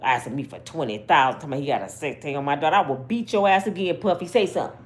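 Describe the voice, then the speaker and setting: A woman voicing a strict old-school mother who talks in a low, blunt, menacing drawl. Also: very fast, lightly acted. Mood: threatening.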